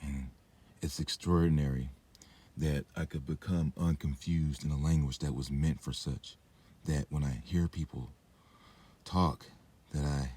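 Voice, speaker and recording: A young male vlogger with a very deep, mellow, slightly rough voice speaks at a measured pace in a steady tone. He drinks and smokes while delivering a meandering, profane monologue packed with fillers and detours.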